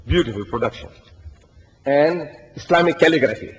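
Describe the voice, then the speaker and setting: An older man preaching to an audience, telling animated stories and reciting Arabic verses. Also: a little high, normal speed, long pauses. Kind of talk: lecture to an audience. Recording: dull lo-fi recording, long hall reverb.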